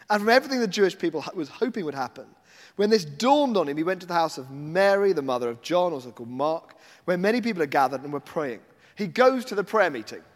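A male preacher with a high, bright voice that leaps up and down as he animates the story. He tells it vividly, with a long reverb from a big hall behind his words. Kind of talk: sermon.

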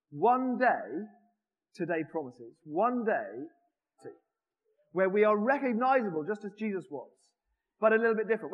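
High-voiced man preaching in a reverberant church. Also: muffled recording. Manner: animated, jokes with the congregation. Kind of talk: conversational sermon.

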